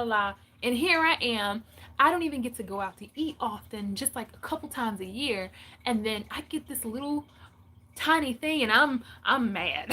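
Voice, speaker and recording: Bright-voiced woman chatting on a faith livestream. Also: fairly high pitch. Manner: laughs often, animated storytelling. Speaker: livestream host. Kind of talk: casual faith livestream chat.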